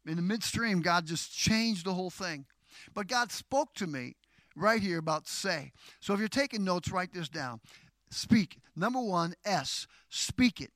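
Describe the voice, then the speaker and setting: A middle-aged male pastor preaches a sermon in a high voice, shifting from slow, measured teaching to loud, declaiming exhortation. There's no room sound.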